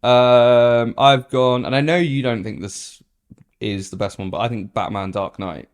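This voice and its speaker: A young man co-hosting a podcast in relaxed casual chat, agreeable and quick to laugh. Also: medium pitch, clear, resonant tone. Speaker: podcast co-host.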